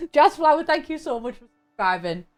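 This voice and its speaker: A young woman chatting and laughing while she streams a game, talking in halting bursts with frequent restarts. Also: high voice, sing-song, faint music behind. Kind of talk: casual live-stream chat while gaming.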